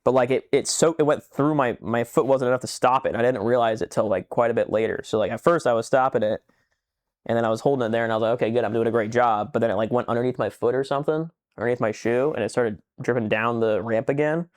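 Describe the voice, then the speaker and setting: A man's voice: mid-range voice, fast talker. Rambling, swearing young man. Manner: rambling storyteller, heavy swearing, animated when retelling. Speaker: podcast co-host. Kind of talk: casual chat.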